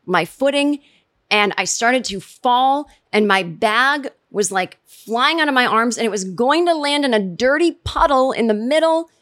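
A woman hosting a podcast, chatting casually and animatedly, jumping into high voices when she quotes people. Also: expressive, a little slow, a bit bright, no echo, clean studio sound. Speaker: podcast host recapping a TV episode. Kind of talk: casual chat.

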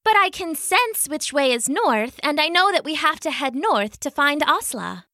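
A high, bright young girl from a fantasy storybook, earnest and determined about her quest, as a woman reading aloud puts her on. The voice is lively and sharp, close and dry with no room around it. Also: moderate pace, no room sound, full character voice.

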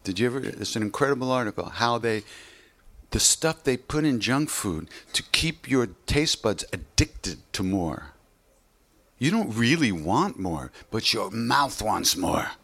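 A man's voice: on the low side, lively intonation, a little slow, creaky, a bit bright, slightly rough. A man teaching meditation in an informal, conversational way, rambling with frequent "you know"s and self-corrections. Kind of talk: informal spiritual talk.

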